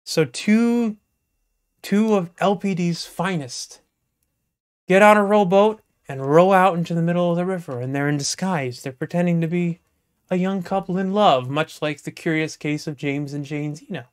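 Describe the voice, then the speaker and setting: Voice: medium pitch, clear, resonant tone. Playful live joke-teller. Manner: drawn-out, playful narration with sudden bursts. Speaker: comedic storyteller. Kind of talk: live shaggy-dog joke telling.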